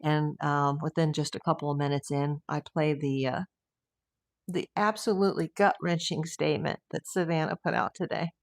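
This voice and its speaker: A woman's voice: sits low, fairly even intonation, normal speed, vocal fry. A woman hosting a casual livestream, chatting with viewers and rambling easily between comments and news. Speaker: true crime livestream host. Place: home.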